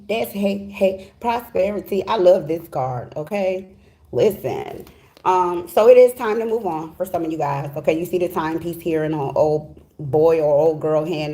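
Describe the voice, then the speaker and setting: A deep, dark-toned female voice belongs to a middle-aged tarot reader speaking casually and with real feeling. She chats emphatically, repeatedly asking "okay?" and adding "you know what I'm saying."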